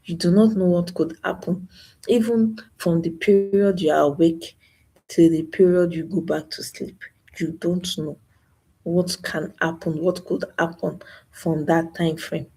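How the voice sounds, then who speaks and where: A woman's voice: on the low side, fairly even intonation, unhurried, mellow, husky. A young woman hosting a live stream, talking about loss in a grieving way, sighing and repeating herself. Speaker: channel host. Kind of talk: emotional live stream talk.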